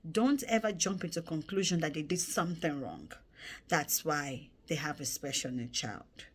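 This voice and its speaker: A woman speaking earnestly in a personal storytelling vlog, turning animated as she acts out memories. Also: deep voice, moderate pace, breathy edge. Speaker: vlogger.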